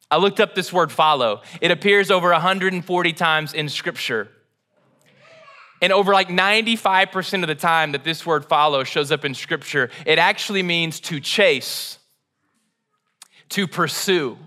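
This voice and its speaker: Male pastor, high bright voice, lively conversational sermon delivery. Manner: animated, conversational storytelling.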